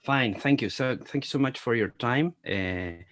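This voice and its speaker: A Latin American man, a Spanish speaker, interviews guests over a video call. His voice sits in a middling range for a man, and his English is halting and careful, full of small pauses and fillers. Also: mid-range voice, a bit bright. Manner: hesitant, apologetic about his English. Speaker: journalist interviewer.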